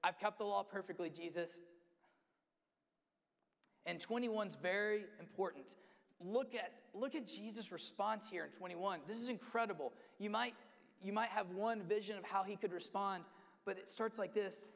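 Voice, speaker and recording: A man's voice: high voice, normal speed, vocal fry. A man preaching a sermon, emphatic, acting out quotes and repeating key words. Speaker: pastor. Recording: long hall reverb.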